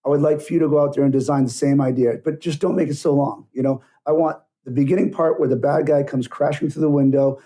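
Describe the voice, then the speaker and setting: A man's voice: fairly high pitch, steady tone, fast, few pauses, dark tone. A middle-aged man, a stunt coordinator, telling work stories bluntly and acting out both sides of conversations. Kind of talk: casual interview storytelling.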